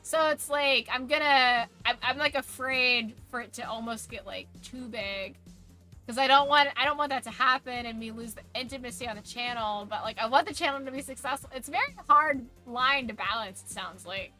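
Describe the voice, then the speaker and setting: A woman with a mild Southern American accent chats with her stream viewers, rambling and restarting her sentences. Her voice is bright and sits a little high, though it is wearing slightly hoarse. Soft music plays faintly behind her. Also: normal speed. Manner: rambling, many "like" fillers and restarts. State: voice going hoarse. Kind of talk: casual chat with live chat.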